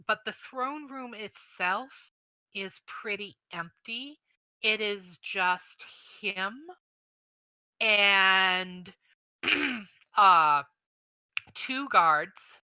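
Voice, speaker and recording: Slow-talking woman game master. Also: mid-range voice, pushed and bright, clean tone, dry recording, low-quality recording. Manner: slow, halting narration with fillers. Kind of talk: narrating a tabletop game.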